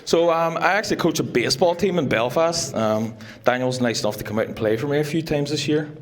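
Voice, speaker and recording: A man's voice: fairly high pitch, fairly quick. A young man giving a joking, teasing best man speech at a wedding. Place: wedding reception room.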